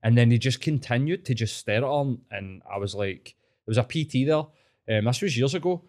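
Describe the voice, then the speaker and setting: Young man, glaswegian scottish accent, casual chat, sweary, animated storyteller, mid pitch. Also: a little fast.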